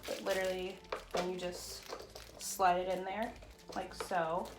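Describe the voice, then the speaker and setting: A woman vlogging from her bedroom, chatting casually and excitedly while she unboxes and sets up a ring light, with lots of "like" and "y'all". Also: on the low side, unhurried, over music. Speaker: beauty vlogger. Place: bedroom at home. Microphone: phone or camera on a tripod.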